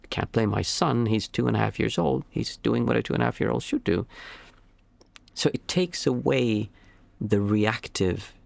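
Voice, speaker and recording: A man, a father of young children, giving a reflective spiritual talk as a meditation teacher, halting and repeating words as he searches for terms. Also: mid-range voice, animated, gravelly, no echo.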